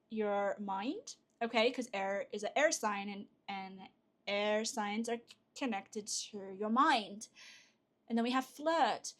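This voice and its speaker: A woman giving a pick-a-card tarot reading to her viewers, chatty and excitable, with frequent fillers and restarts. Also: medium pitch. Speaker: tarot reader.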